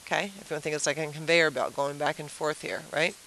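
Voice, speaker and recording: Bright-voiced woman teaching at a whiteboard. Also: deep voice, steady tone, fast talker, slight background noise, rough recording. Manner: chatty, asks the class rhetorical questions; explains with playful everyday comparisons. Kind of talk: whiteboard review lesson.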